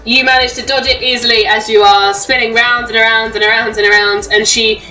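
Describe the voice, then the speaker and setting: A woman narrating as game master, giggling often and filling pauses with ums. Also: flat delivery, sharp tone, distant mic, faint music behind, low-quality recording. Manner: giggly, lots of ums, puts on shrill crowd voices.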